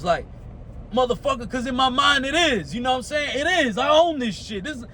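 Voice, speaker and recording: A man's voice: very high-pitched, animated, brisk, pushed and bright, slight background noise. A young American man giving a casual motivational talk, profane and streetwise, often asking "you know what I'm saying". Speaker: motivational speaker.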